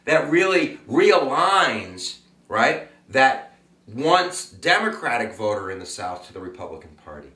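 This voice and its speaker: A man's voice: on the low side, sing-song, moderate pace, pushed and bright, echoey room, far from the mic. A man giving a casual, jokey classroom lecture with plenty of fillers. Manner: chatty, jokey, full of fillers. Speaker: teacher.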